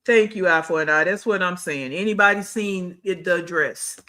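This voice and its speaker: A woman's voice: on the low side, normal speed, bright, forceful tone. Blunt, scolding woman streamer. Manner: blunt, scolding, repeats phrases for emphasis; greets and talks to live chat. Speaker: livestream commentary host. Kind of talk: reaction livestream commentary.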